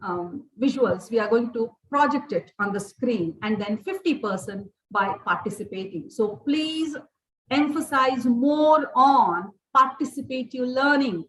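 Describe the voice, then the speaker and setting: A woman's voice: fairly high pitch, lively intonation, a little slow, echoey room, far from the mic, low-quality recording. A woman giving a workshop lecture to teachers, listing points and restarting phrases as she goes. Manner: repeats and restarts phrases, list-like delivery. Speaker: workshop resource person.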